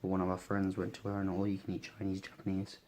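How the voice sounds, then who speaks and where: A young man with a cold, sniffly and a bit hoarse, talking tiredly through a casual daily vlog with lots of fillers. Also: low voice, completely flat delivery, quick pace, darkish tone, a little hiss or hum. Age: young adult. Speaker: vlogger.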